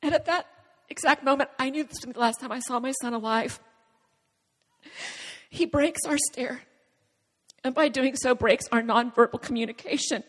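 High-pitched woman sharing her testimony, halting and earnest, big hall echo behind her. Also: fairly even intonation. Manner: halting, earnest retelling with dramatic pauses. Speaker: speaker sharing a personal testimony. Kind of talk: emotional spoken testimony.

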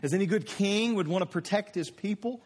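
High-voiced preacher in a reverberant hall. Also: male voice, brisk. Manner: vivid, dramatic storytelling with sound effects. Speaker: pastor. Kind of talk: sermon.

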